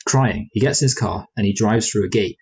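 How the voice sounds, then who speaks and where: A man's voice: on the low side, brisk, breathy edge, rough recording. A man co-hosting a film review chat, rambling and hesitant, with many restarts and playful speculative asides. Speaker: film review podcast co-host.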